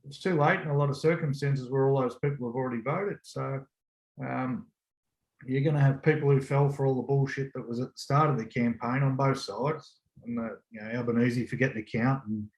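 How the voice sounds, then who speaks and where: An Australian man speaks bluntly and bluntly teases the others in a relaxed podcast conversation. He has an ordinary middle-pitched voice. The room gives his voice a clear echo. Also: brisk. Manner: blunt, banters and says "mate". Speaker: podcast co-host. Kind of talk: casual chat. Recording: echoey room.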